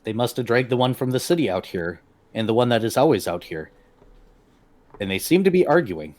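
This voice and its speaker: A man's voice: mid-range voice, expressive, a little mellow. A man narrating a tabletop game as game master, describing scenes and voicing arguing figures. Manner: voices arguing figures in quick succession.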